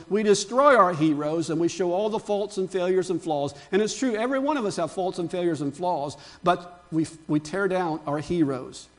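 Older male pastor, high voice, animated sermon, chats with the congregation. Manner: animated preaching, rising loud on exclamations, chatty asides to the congregation. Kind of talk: Palm Sunday sermon.

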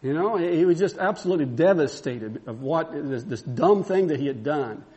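Guy preaching a sermon, high voice, storytelling and getting fired up. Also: lively intonation, moderate pace, mellow. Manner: storytelling, building to fervent repeated exclamations.

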